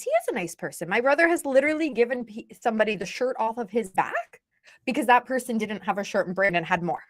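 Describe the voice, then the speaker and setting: Animated woman telling a candid story. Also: on the high side, no room sound. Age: 30s. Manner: animated, emphatic, blunt. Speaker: guest, author.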